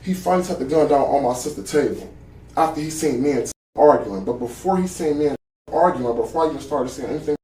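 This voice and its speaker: A man's voice: a little high, fast, dark tone, echoey room, far from the mic, slight background noise. A man giving a witness statement in a police interview, talking in an agitated, profane way and often repeating himself.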